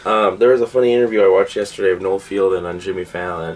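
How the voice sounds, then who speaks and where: A man's voice: low voice, quick pace, distant mic, a little hiss or hum. A man co-hosting a casual chat show, telling jokey stories about movies he bought. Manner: chatty, jokey storyteller. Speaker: co-host.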